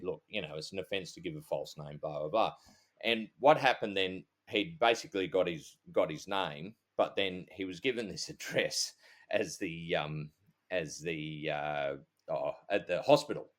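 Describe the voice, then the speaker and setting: A man's voice: deep voice, fairly bright tone. A middle-aged Australian man, a podcast co-host who is a police officer, rambling through a casual anecdote with sweary asides and quoted dialogue. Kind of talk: casual storytelling.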